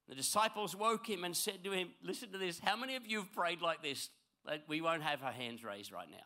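A male pastor delivers an animated sermon. His voice sits a little high and has a bright, forceful edge. He swings between loud, emphatic lines and hushed ones. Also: a little fast.

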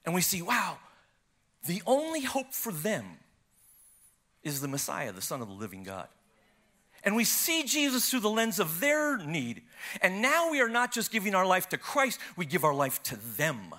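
A man preaching, his voice pitched high and ringing bright. He tells his story with wide leaps of pitch, surging loud and then dropping to a hush, like a practiced storyteller from the pulpit. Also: normal speed. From United States. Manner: animated storyteller, swings from loud to hushed. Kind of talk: sermon with a personal story.

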